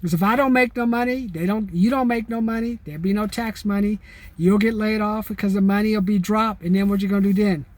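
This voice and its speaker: Rambling high-voiced man chatting casually. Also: a little fast. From California. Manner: rambling and animated, with lots of "man" tags and restarts. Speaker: vlogger. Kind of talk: casual chat to camera.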